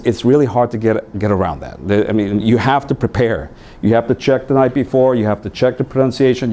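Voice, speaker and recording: A man training new teachers, telling stories in an animated way and acting out voices. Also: medium pitch. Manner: animated storytelling, acts out voices.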